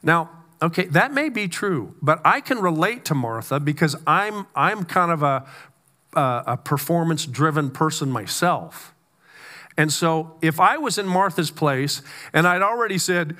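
A man preaching a conversational sermon, with stammered restarts and slow, weighty emphasis on key words. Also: a little high, expressive, bright, forceful tone. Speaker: pastor.

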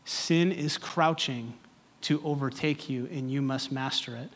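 A male pastor delivering a sermon in a rhythmic, repetitive preaching cadence that builds from quiet reflection to impassioned exhortation. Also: mid-range voice, unhurried.

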